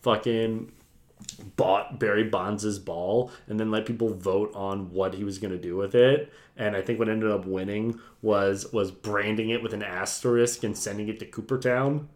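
A man co-hosting a casual film podcast, rambling excitably with lots of "like" and "right" and frequent laughter. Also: lowish voice, moderate pace. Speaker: podcast co-host. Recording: roomy echoey room.

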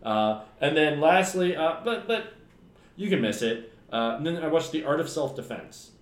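A man's voice: a little high, lively intonation, normal speed. A man casually chatting about films as a podcast co-host, rambling, swearing often and laughing a lot. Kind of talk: casual film chat. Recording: roomy echo.

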